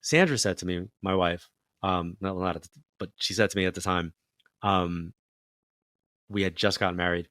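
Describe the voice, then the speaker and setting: A man's voice: deep voice, moderate pace, pauses often, no room sound, clean studio sound. A middle-aged man, a psychic medium guest, telling a story in a casual interview, with lots of fillers and acted-out quotes. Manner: animated storyteller who acts out quoted voices, many fillers.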